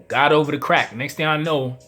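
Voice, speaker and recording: A man, a spiritual vlogger telling a dream story to camera in a casual, animated way, acting out his own lines as quotes. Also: on the high side, brisk, soft background music. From New York.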